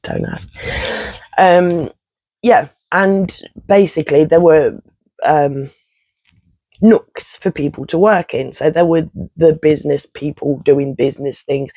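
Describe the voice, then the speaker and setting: A man's voice: on the high side, takes it slowly, gravelly, mellow, no echo, poor audio. A man, telling a rambling personal story in casual vlog style, swearing and interrupting himself often. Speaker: vlogger.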